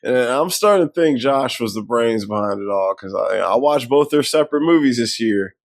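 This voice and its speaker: A man at a middle pitch talks in a dry, close room with no echo. He recaps a film loosely and with energy, swearing freely and briefly doing the characters' voices. It is a casual podcast chat. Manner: profane, animated retelling with quick impressions of characters. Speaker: podcast co-host.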